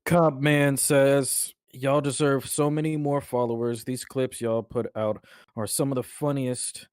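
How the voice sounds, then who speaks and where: A man's voice: medium pitch, steady tone, measured pace, darkish tone, smooth, no echo, studio quality. A man co-hosting a podcast, teasing and laughing in casual slang-filled chat. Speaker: podcast co-host.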